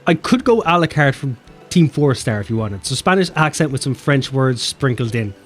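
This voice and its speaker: A man with an Irish accent, chatting playfully on a game live stream and jumping between deep and high voices. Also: very animated, moderate pace, soft background music. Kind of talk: casual live-stream chat.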